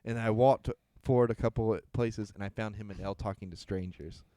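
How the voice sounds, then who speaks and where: A man's voice: on the low side, steady tone, brisk, dark tone, no echo. Laughing, swearing young man telling a story. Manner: laughs through his own story, swears casually. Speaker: podcast co-host. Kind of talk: casual storytelling chat.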